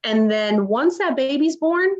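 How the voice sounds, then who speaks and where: Animated woman telling her story, lo-fi sound. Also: high voice, unhurried. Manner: animated retelling, acts out quoted dialogue. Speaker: podcast guest. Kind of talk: casual interview storytelling. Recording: dull lo-fi audio.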